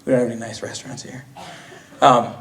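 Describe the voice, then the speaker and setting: A man's voice: mid-range voice, fairly even intonation, fairly quick, fairly bright tone. Casual young man preaching from afar. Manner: casual, slangy retelling with many restarts. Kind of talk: sermon. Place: church. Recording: voice from a distance.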